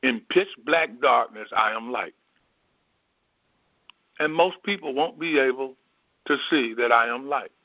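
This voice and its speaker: A middle-aged man giving a reflective metaphysical Bible teaching, unhurried and repetitive, musing aloud. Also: mid-range voice, no room sound. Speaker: spiritual teacher. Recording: dull, dry lo-fi recording.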